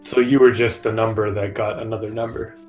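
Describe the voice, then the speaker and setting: A man's voice: lowish voice, little pitch movement, brisk, over music, low-quality recording. Stammering man playing a tabletop game. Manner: stammering, restarts sentences. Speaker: player. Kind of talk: in-character tabletop role-play.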